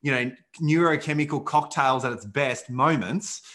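Bright-voiced reflective podcast host. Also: male voice, mid-range voice, normal speed. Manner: reflective, thoughtful, filler-heavy. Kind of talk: casual podcast chat.

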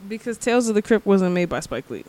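A man's voice: high-pitched, sing-song, fast, a little mellow. A man in a casual podcast chat who speaks in a matter-of-fact way and corrects the others.

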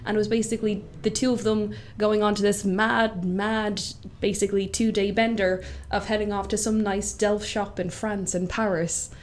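A woman's voice: mid-range voice, level tone, normal speed, hardly any pauses. A woman co-hosting a casual chat, chatty and rambling onto tangents.

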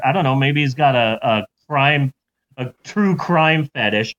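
A man's voice: medium pitch, a little slow, fairly bright tone. A man hosting a podcast, telling a story in a playful, jokey way. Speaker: podcast host. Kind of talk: comedic storytelling. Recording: lo-fi recording.

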